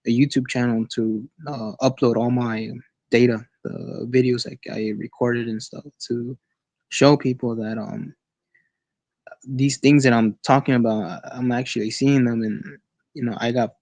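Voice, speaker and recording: A man sharing a personal experience as a guest on an online call, in a casual, halting way with many restarts and repeated words. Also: medium pitch, steady tone, darkish tone, no echo.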